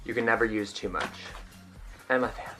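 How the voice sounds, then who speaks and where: A man's voice: lowish voice, normal speed, sharp tone, faint music behind. A young man chatting through a makeup tutorial in a casual, self-mocking way. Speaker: vlogger.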